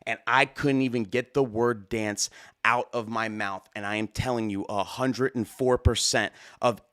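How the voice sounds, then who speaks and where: A young adult man, a wedding DJ hosting his own show, tells a story casually, with a rambling, excitable delivery full of fillers and swearing. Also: medium pitch, unhurried, no echo, clean studio sound.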